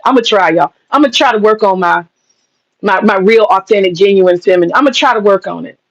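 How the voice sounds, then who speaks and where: A woman's voice: mid-range voice, highs cut off. A woman hosting a livestream, talking casually and sarcastically with lots of slang, profanity and frequent laughter. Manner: casual slangy talk, drawn-out mock pleading. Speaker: livestream host and businesswoman. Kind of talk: livestream chat reading comments.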